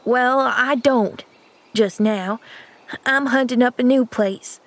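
Storybook role: a grudging, mumbling ten-year-old orphan boy with rustic slang, high and light, read by a woman. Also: takes it slowly.

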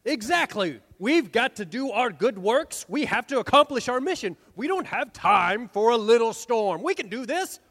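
A man's voice: very high voice, big pitch swings, normal speed, hardly any pauses. A man as a theatrical ship's captain in a reverberant hall. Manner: playful, coaxing the crowd, theatrical shouts. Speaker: costumed ship-captain performer leading a live audience show. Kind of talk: live audience interactive storytelling.

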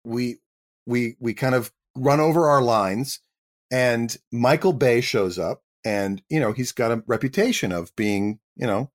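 A middle-aged Canadian man, a guest actor telling a lively anecdote in an interview and acting out the voices of the people in it. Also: medium pitch, a little slow. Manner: animated storyteller acting out quoted voices.

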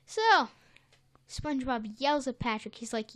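High, animated woman retelling a cartoon. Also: moderate pace, a little hiss or hum. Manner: animated, breaks into character voices. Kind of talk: casual chat retelling a cartoon episode.

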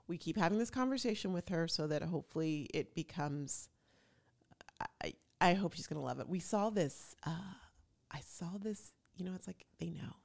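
A woman hosting a show, chatting casually and telling a lively personal story. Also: on the low side, creaky. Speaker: podcast host. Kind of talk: casual chat.

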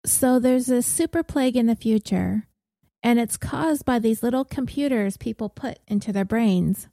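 A woman voicing a wry, gruff troubled woman. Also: fairly high pitch, moderate pace, dark tone, no room sound, studio quality. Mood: weary. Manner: wry, gruff and self-mocking. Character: troubled blunt woman, prone to self-harm.

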